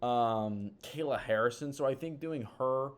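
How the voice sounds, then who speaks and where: A man talking through fight matchups in a loose, casual way. He rambles, restarts his sentences and leans on fillers. His pitch sits in an ordinary middle range. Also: measured pace, smooth. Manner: rambling, hedging, lots of fillers. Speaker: MMA commentator. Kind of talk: casual video commentary.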